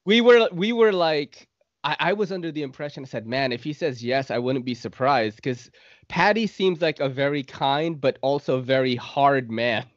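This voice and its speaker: A man's voice: mid-range voice, moderate pace, no room sound, dull audio. A man hosting a casual podcast interview, reading out listener questions and laughing often. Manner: enthusiastic, laughs a lot, reads listener questions. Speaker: podcast host.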